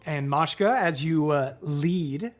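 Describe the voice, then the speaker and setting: A woman narrating a tabletop game as game master in a casual, animated way. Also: deep voice, takes it slowly, faint music behind.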